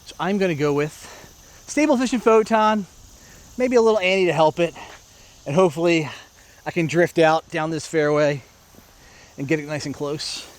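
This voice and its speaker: A man's voice: fairly high pitch, normal speed, long pauses. An American man casually narrating his disc golf round outdoors, talking to viewers as he plays. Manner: chatty, self-narrating, talks to viewers. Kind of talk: casual play-by-play vlog. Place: outdoor park course.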